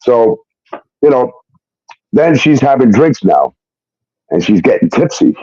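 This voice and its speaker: A man's voice: mid-range voice, sing-song, measured pace, darkish tone, no echo. A man telling a personal story in a casual, rambling way, blunt and full of fillers and swearing. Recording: muffled dry recording.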